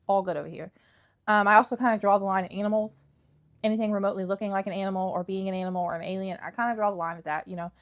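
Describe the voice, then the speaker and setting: A woman's voice: mid-range voice, steady tone, rapid-fire. A young woman chatting casually about books she reviews, sassy and emphatic, often repeating lines for effect. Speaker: book reviewer. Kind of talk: casual vlog chat.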